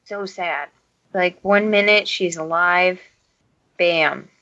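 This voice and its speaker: A woman's voice: fairly low pitch, slow, pushed and bright, lo-fi sound. A woman in casual podcast chat, blunt and swearing, often laughing as she talks. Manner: blunt, swears, laughs through her words.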